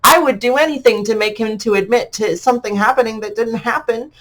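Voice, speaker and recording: A man's voice: extremely high pitch, brisk, fairly bright tone, voice pushed up. A man putting on a sarcastic voice to mock a sanctimonious, self-righteous hypocrite. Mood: smug. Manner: mocking sarcastic impression, rising into fake sobbing.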